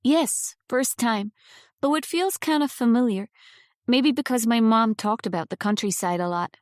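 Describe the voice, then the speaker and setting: A woman's voice: a little high, normal speed, dry recording, lightly acted. A woman voicing a nervous young female visitor who talks in a flustered, hesitant way, in an audiobook. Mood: curious. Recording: dry close studio sound.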